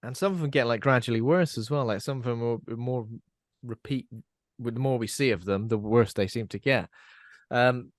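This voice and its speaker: A man's voice: mid-range voice, moderate pace, no room sound, studio quality. A man hosting a podcast, chatting casually about a horror film and asking his co-hosts questions. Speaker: podcast host.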